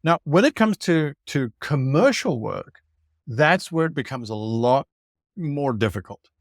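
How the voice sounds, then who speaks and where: A man answering as a guest game master, telling stories in a lively way and acting out quoted remarks. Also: mid-range voice, a little slow, no echo, clean studio sound. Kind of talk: conversational interview answer.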